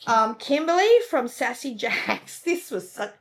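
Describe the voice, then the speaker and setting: A woman's voice: fairly high pitch, expressive, measured pace, a bit bright. A woman co-hosting a casual crafting chat, gushing and chatty, often trailing off mid-sentence. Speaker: co-host of a cross-stitch channel.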